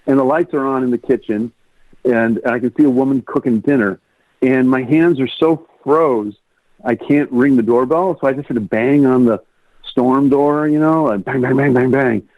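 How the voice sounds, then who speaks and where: A man's voice: medium pitch, moderate pace, no echo. Man telling a story, tinny line. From Rockford, Illinois, US. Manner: animated storyteller, acts out quoted lines in a raised voice. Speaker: guest, music producer. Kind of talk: telling a personal story in a podcast interview. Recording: tinny phone-like line, dry.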